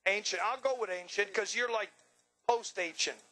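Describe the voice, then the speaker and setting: A man with a high, ringing voice works the winner's circle at an outdoor drag strip. He jokes, teases and hypes the racers into a handheld microphone, never losing his brash energy. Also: moderate pace, sharp tone, poor audio. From Long Island, New York. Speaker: track announcer.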